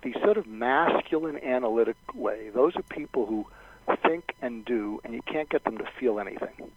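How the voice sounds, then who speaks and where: A man's voice: lively intonation, normal speed, slightly rough. A man giving advice as a guest on a radio talk show, explaining step by step and acting out sample lines of dialogue. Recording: dull low-fidelity radio sound.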